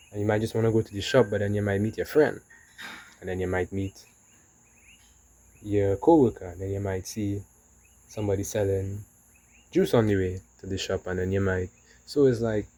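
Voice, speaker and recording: A man's voice: fairly low pitch, steady tone, moderate pace, long pauses, warm tone, no echo, low-quality recording. A man talking casually in a rambling motivational monologue, often saying "you know". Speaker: vlogger.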